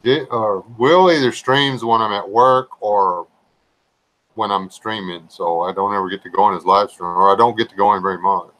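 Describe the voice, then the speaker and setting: A man's voice: fairly low pitch, normal speed, a bit bright, poor audio. A man rambling through casual, folksy livestream chat. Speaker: livestream regular.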